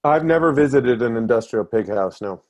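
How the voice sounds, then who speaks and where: A man's voice: medium pitch, expressive, moderate pace, muffled recording. A man interviewing, giving short, hesitant replies in a casual chat. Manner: brief, hesitant agreeing replies.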